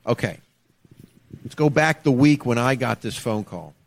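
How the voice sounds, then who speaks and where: A man from Florida, co-hosting a podcast and telling a story in a casual, animated way, acting out the voices he quotes. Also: mid-range voice, normal speed, gravelly. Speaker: podcast co-host.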